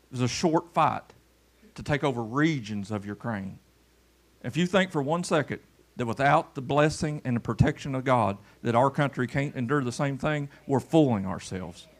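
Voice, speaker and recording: In church, a male preacher from Kentucky gives a folksy sermon, bringing folks up front to demonstrate something while alternating booming calls with quiet mutters. He talks at a normal speed with an animated, varied pitch.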